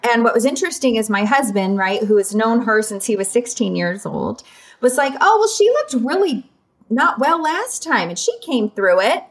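A woman's voice: fairly high pitch, big pitch swings, normal speed. A woman, candidly telling a personal story in a podcast conversation, using many fillers. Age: 40s. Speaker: podcast guest.

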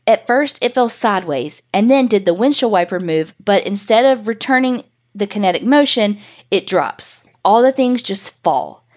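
A woman podcast host reading a first-person paranormal story in a casual, profane, animated way. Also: mid-range voice, moderate pace.

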